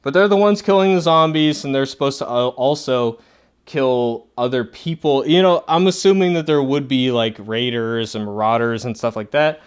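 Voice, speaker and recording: A man's voice: medium pitch, moderate pace, clean tone. A young man giving a casual, chatty comic book review, often laughing and making sarcastic asides.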